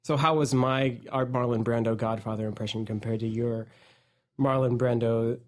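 A man's voice: medium pitch, fairly even intonation, moderate pace. A man co-hosting a podcast in casual comedic chat, rambling and breaking into frequent laughter. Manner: giggly, rambling, laughs often. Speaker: podcast co-host.

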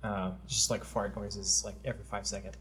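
A man hosting a podcast in casual chat, laughing often and talking in an easygoing, drawn-out way. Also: on the low side, level tone, a bit bright, a little hiss or hum. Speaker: podcast host.

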